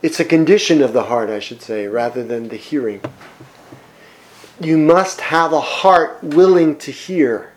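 A man preaching a sermon, reading scripture aloud and commenting on it, with emphatic swings between loud and soft. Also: fairly high pitch, animated, poor audio. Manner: slow, emphatic preaching with wide swings in loudness. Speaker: pastor.

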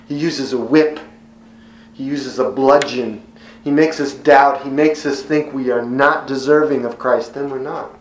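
A man preaching an expository sermon as pastor, teaching in a measured, earnest way and driving points home by repeating them. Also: medium pitch, roomy sound, poor audio.

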